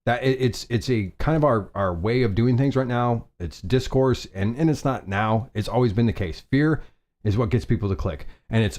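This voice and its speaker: A man's voice: medium pitch, normal speed, darkish tone. A man hosting a casual fashion live stream, chatty and rambling, often restarting and laughing at himself.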